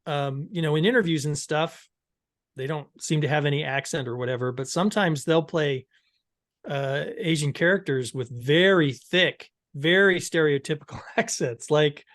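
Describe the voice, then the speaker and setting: A man's voice: fairly high pitch, normal speed, fairly bright tone, dry recording, clean studio sound. A man co-hosting a podcast, asking curious questions in a casual, easygoing way. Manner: curious, questioning, laughs easily. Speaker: podcast co-host. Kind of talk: casual discussion.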